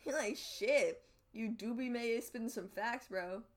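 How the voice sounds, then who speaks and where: A woman's voice: fairly high pitch, slow. Giggly woman in casual chat. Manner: giggly, reads quotes aloud, swears casually.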